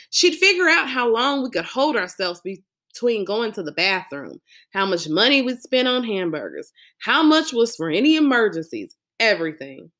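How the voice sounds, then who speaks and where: A woman reading a novel aloud as a lively first-person storyteller. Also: medium pitch. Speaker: audiobook reader. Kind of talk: audiobook narration.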